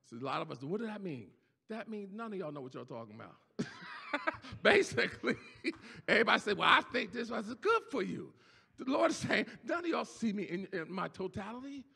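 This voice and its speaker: Raspy, high-pitched preacher man shouting. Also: big pitch swings, brisk, long pauses. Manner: preaching with shouted, sung-out climaxes and dropping to quiet asides. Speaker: pastor. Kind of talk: sermon. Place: church sanctuary. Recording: church hall reverb with faint organ music.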